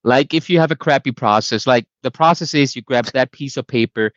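A man's voice: mid-range voice, a little fast, fairly bright tone, no echo, lo-fi sound. A man from Austria whose first language is German, speaking as an interview guest, often restarting and searching for words. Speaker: guest, IT leader. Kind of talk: casual interview chat.

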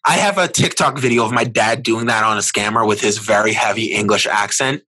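A man chatting casually as a guest on a podcast, emphatic and animated in his asides. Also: lowish voice, fairly quick, low-quality recording. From Russian American family.

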